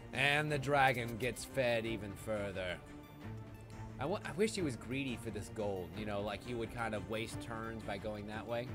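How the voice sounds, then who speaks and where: A man giving live commentary while he plays a video game, excitable and quick to swear when things go wrong. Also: on the low side. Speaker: game streamer. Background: game music.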